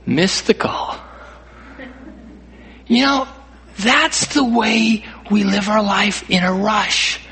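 A man's voice: high voice, slow pace, long pauses, sharp tone, husky. A man preaching a sermon as pastor, earnest, often repeating himself and rising to emphatic calls. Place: church.

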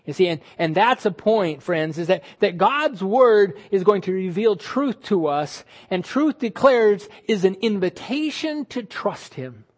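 Male pastor, high-pitched, emphatic sermon delivery with drawn-out words. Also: animated. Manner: emphatic, drawn-out words, sudden drops to quiet.

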